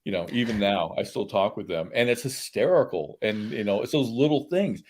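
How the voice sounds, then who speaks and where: A man guest in a casual interview, telling lively anecdotes and laughing often. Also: on the low side, a little fast, slight background noise. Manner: animated storyteller, laughs often.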